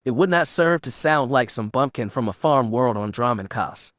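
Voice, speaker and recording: A man's voice: mid-range voice, lively intonation, moderate pace, a bit bright, dry recording, lightly acted. A haughty young Sith woman with a refined, cold and clipped delivery, as a male narrator puts her on. Her voice sits in a middling register. The audiobook recording is dry and close. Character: haughty young female Sith apprentice, bitter. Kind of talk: audiobook reading.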